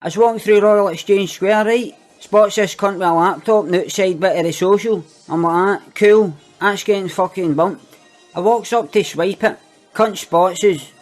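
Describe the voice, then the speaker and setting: A boastful young Glaswegian thief, played by a man, brags in a high, swaggering voice thick with swearing and street slang. Soft music runs faintly underneath. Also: normal speed, lightly acted. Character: cocky young Glasgow petty thief, boastful and foul-mouthed. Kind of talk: comic monologue.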